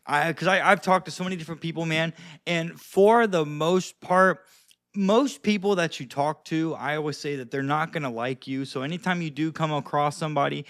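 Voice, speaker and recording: A man's voice: on the high side, moderate pace, a bit bright, no echo, clean studio sound. A young man from Florida giving casual dating advice to camera, rambling with lots of fillers and restarts. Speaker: dating and social skills coach.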